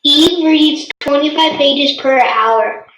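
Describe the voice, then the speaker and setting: A woman's voice: sits high, slow, echoey room, noisy background. A tired female student answering algebra questions on a video call, hesitant and correcting herself. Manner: hesitant, with fillers and self-corrections. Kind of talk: answering in a tutoring session.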